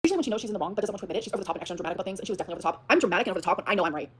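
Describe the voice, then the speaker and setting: A woman streamer, in a clip being reacted to, rants dramatically in a vlog about a heated personal story, swearing often. Her mid-range voice comes out rapid-fire over slight background noise.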